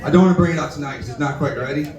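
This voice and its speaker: A young man with a drawl runs through a rambling, self-deprecating stand-up set full of cussing and asides to the crowd. His voice sits a little high for a man. It is caught from a distance in a roomy, echoey bar. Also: rapid-fire, darkish tone, highs cut off. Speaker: stand-up comedian at open mic. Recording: echoey bar room recorded from afar.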